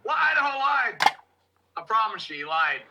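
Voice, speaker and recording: A man hosting a casual livestream, loud and joking, trading banter with his guest. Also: high-pitched, big pitch swings, moderate pace, highs cut off, slight background noise. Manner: loud, joking, mocking impressions. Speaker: livestream host.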